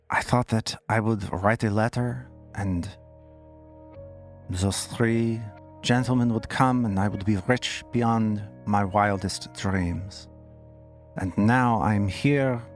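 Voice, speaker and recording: A man voicing an anxious young woman cultist who speaks in a thick, precise accent, with halting, formal phrasing. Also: lowish voice.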